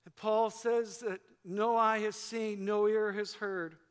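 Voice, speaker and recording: A man's voice: high voice, little pitch movement, slow pace, smooth. A man preaching a sermon as pastor, with an emphatic, repetitive cadence. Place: church sanctuary. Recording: long hall reverb.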